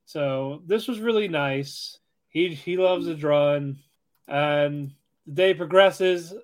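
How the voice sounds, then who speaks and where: A man's voice: a little high, takes it slowly. A man co-hosting a casual anime podcast, recapping episodes in a loose, rambling way. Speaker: podcast co-host.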